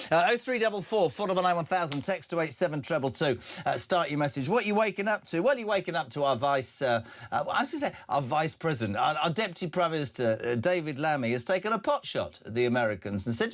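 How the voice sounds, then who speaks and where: Middle-aged British male talk host, animated delivery, pitch sitting a touch high. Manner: animated, opinionated, quick asides. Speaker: radio talk show host. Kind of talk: live breakfast talk show.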